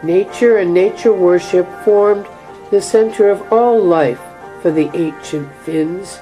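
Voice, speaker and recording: A woman narrates a documentary in a calm, explanatory way, her voice low and mellow. She speaks slowly, and soft music sits quietly behind her. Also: low-quality recording.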